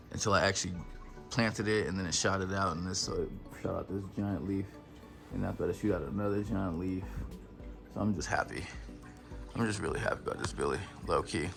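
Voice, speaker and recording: A man's voice: low-pitched, fairly even intonation, fairly quick, gravelly, over music. A young man giving a casual, playful tour of his plant collection, full of slang and hype. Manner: playful, hyped, slangy, breaks into silly voices.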